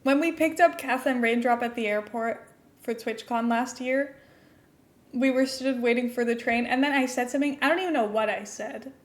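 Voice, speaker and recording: Young female streamer, international-school American accent, a little high-pitched, chatty and giggly. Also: moderate pace. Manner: chatty and giggly, answering chat between building tasks. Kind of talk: casual chat while playing a game live.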